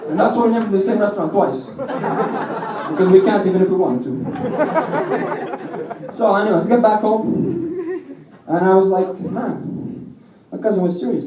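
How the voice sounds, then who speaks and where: A young man doing a stand-up set, telling crude rambling stories, recorded from far off in a small venue. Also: high-pitched. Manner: crude, rambling storytelling with audience laughs. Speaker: stand-up comic. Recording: distant roomy lo-fi club recording. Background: audience laughter.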